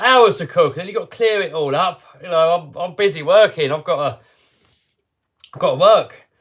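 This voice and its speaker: A man with a somewhat high speaking voice hosts a casual live stream. He talks to his viewers in an upbeat, chatty way, often restarting his sentences as he goes. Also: a bit bright. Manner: chatty and upbeat, with frequent self-interruptions. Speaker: host of a hobby channel livestream.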